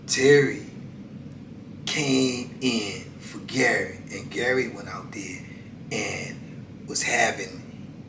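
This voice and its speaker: A man in his fifties telling a story casually, drawn-out and animated, often dropping "man" and "you know.". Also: medium pitch, recorded from a distance. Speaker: channel host telling prison stories. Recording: echoey room, voice away from the mic, faint background noise.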